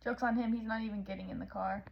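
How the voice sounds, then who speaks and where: A woman's voice: mid-range voice, steady tone, fast, creaky, muffled recording, a little hiss or hum. A woman from Southern California, chatting casually to the camera at home while she packs, rambling with lots of "like" and "um.". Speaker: vlogger.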